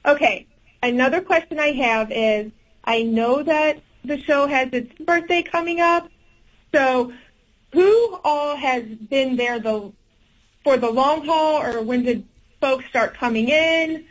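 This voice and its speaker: Female caller from Ohio, high voice, eager and friendly, muffled call-in sound. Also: slow. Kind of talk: call-in chat.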